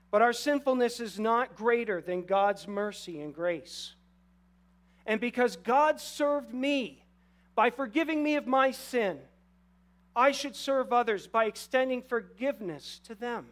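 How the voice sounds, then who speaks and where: A man's voice: very high voice, a little slow, fairly bright tone. A man preaching as a guest pastor in a church, earnest and conversational, addressing the congregation with rhetorical questions. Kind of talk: sermon. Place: church sanctuary.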